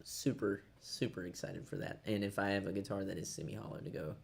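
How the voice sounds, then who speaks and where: Male co-host, low pitch, loose enthusiastic gear chat. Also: fast, gravelly, husky. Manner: enthusiastic, loose, trailing off mid-sentence. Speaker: co-host of a guitar shop live stream. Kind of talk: casual chat.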